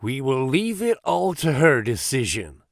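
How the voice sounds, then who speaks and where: A man's voice: medium pitch, big pitch swings, unhurried, creaky, no room sound, studio quality, full character voice. A man reading Drebber, a smug young Mormon suitor. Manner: smug, then pious threats. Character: smug young male Mormon suitor, vain and self-assured.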